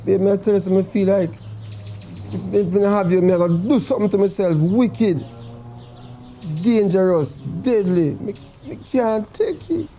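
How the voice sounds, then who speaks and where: An actor with a Jamaican accent playing a remorseful boyfriend who pleads dramatically to be taken back. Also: male voice, high-pitched, moderate pace, mellow. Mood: pleading. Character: pleading remorseful boyfriend begging to come home. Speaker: actor in comedy sketch. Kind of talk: comedy sketch acting, phone call.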